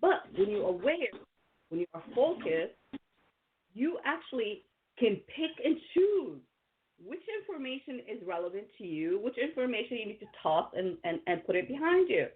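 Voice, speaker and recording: A woman's voice: mid-range voice, sing-song, moderate pace. Woman motivational host on a tinny line. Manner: rambling, lots of fillers and restarts. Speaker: podcast host and coach. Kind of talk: motivational talk.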